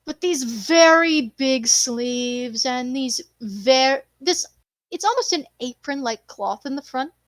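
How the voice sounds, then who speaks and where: A woman's voice: high-pitched, animated, slow pace, no room sound. A woman narrating a tabletop game as game master, describing scenes in a playful way.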